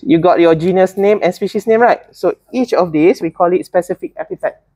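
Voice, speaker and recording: A woman's voice: lowish voice, a little fast, dark tone, breathy edge, no echo. A woman teaching a botany class, chatty and teasing, often restarting her words. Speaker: botany lecturer. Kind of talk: classroom lecture.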